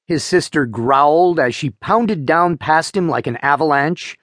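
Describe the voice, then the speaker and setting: A man giving wry, expressive narration of a children's audiobook. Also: fairly high pitch, measured pace, hardly any pauses, no room sound, studio quality. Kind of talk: scripted children's book narration.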